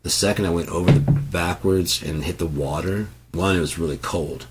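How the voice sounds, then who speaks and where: A man from Michigan telling rambling, profane stories in a casual, animated way. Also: sits low, normal speed, heavy background noise. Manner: profane, animated, bursts into loud yells. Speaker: channel host.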